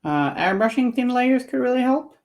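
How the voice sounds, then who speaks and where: A woman's voice: on the high side, expressive, normal speed, a little mellow. A woman chatting casually on a live stream while painting miniatures and answering viewer comments.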